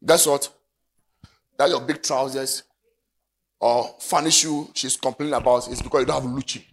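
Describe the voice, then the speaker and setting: A pastor with a Ghanaian English accent preaches a sermon to his church congregation in an animated, sing-song style. His voice is mid-range and he speaks at a normal speed.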